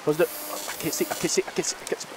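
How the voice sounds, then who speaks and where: A man's voice: rapid-fire, over loud music. A young man doing let's play commentary through a horror game, panicking, swearing and repeating himself. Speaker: gaming video host.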